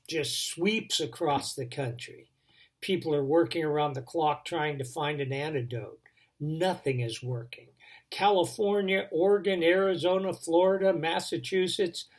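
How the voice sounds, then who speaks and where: A man telling a dramatic devotional story, building tension and then dropping to a hush. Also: a little high, breathy edge. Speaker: devotion speaker.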